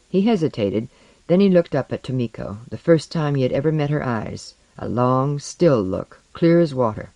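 An audiobook narrator telling a science-fiction story, the voice rising and falling with wide, lively movement. The recording is close and dry, with no room sound at all. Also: medium pitch, moderate pace, no echo, muffled recording.

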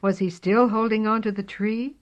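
A woman reading a storybook aloud in a slow, expressive way. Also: mid-range voice. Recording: dull lo-fi recording.

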